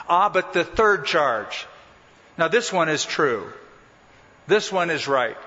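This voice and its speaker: A man's voice: on the high side, bright, forceful tone. A pastor preaching an expository sermon with emphatic, dramatic rises and drops in his voice. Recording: dull sound in a large reverberant hall.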